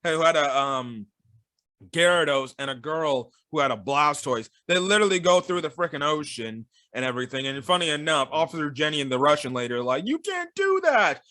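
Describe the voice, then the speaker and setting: A man's voice: on the high side, a little fast, pushed and bright, no echo, studio quality. A man giving a casual, rambling film review, full of fillers and sarcastic asides.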